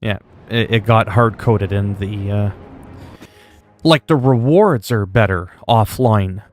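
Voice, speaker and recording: Laid-back low-voiced male streamer. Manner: laid-back, rambling, profane. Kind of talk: casual gaming livestream chat.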